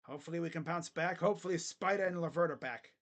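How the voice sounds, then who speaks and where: A young man hosting a casual live basketball reaction, joking bluntly and crudely with sudden loud bursts. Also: fairly high pitch, quick pace. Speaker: sports channel host. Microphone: webcam setup.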